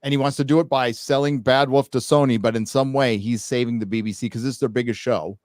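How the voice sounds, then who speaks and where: A man's voice: medium pitch, steady tone, fast, a little mellow, no echo, clean studio sound. Stammering American man, blunt opinions. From United States. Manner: skeptical, stammering restarts, blunt. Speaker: podcast host. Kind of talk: opinionated casual talk.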